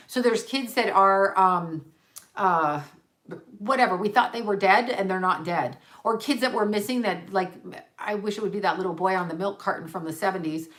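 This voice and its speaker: A woman's voice: mid-range voice, a bit bright. A woman, a psychic medium, talking on a livestream as she channels, rambling and correcting herself, repeating words for emphasis.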